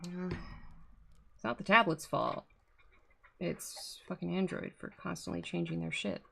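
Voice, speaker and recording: A woman's voice: on the low side, steady tone, measured pace, gravelly, bright, forceful tone, slight background noise. A woman streaming live, chatting casually, swearing freely and scolding her cat.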